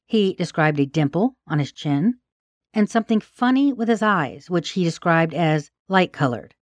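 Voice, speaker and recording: A middle-aged woman narrates a true-crime podcast in a low voice, steady and analytical as she weighs the evidence and offers her own view. The sound is dry and close, with no room around her. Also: no echo. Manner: measured, analytical, sharing personal opinions. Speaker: podcast host and case researcher.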